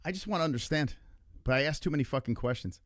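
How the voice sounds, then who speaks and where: A man's voice: a little high, fast talker, a bit bright, no echo, studio quality. A young man hosting a casual livestream chat, rambling and exasperated, swearing often as he asks why everyone gets so angry. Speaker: podcast host.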